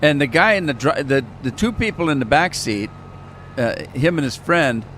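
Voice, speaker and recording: A man's voice: a little high, expressive, moderate pace, a bit bright, a little hiss or hum. Chatty man streaming a farming game. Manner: chatty, rambling, laughs at his own jokes. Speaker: gaming live streamer. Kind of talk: casual live-stream commentary.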